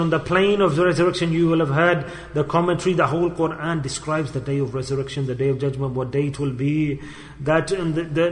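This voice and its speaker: A man preaching a sermon in a storytelling style, moving between loud emphasis and quiet asides. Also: a little high. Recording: long hall reverb.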